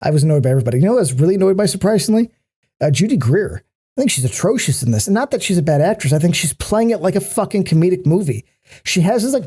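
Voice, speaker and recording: A man co-hosting a casual podcast, picking apart what annoys him with plenty of swearing. His voice is dark and mellow, and he keeps stumbling into restarts as he rants. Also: high-pitched, big pitch swings, slightly rough. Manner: critical, ranting, swears freely; halting, many restarts. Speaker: podcast co-host. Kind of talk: casual chat.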